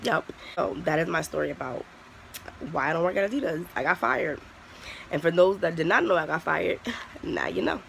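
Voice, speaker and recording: Creaky-voiced young vlogger telling a story. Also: mid-range voice, animated, moderate pace, fairly bright tone, slight background noise, low-quality recording. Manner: candid, profane, heavy use of "like". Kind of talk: casual storytime vlog.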